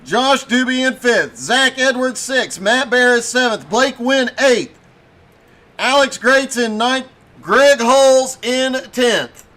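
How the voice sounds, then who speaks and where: High-pitched man calling a race. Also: bright, forceful tone. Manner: brisk play-by-play calling. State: losing his voice. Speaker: race commentator. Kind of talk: play-by-play commentary.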